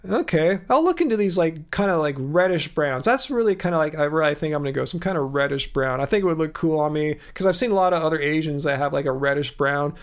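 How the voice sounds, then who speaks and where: A man's voice: fairly high pitch, lively intonation, fast talker, few pauses, smooth. A man hosting a casual livestream, reading out viewer comments and musing aloud about them. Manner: chatty, musing aloud, trails off and restarts. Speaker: livestream host. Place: studio with colored lights.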